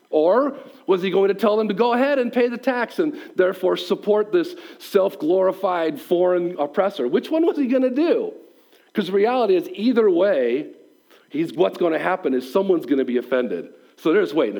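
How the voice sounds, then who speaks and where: Man preaching a sermon, high voice, lively swooping delivery, conversational. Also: brisk, poor audio. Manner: animated, acts out quoted voices; conversational, asks the listeners questions. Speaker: pastor.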